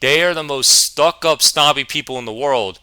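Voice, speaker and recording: A man in his twenties telling a rambling, animated, self-mocking story in a vlog, a little out of breath. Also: on the high side, moderate pace, smooth, dry recording. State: a bit out of breath. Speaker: vlogger.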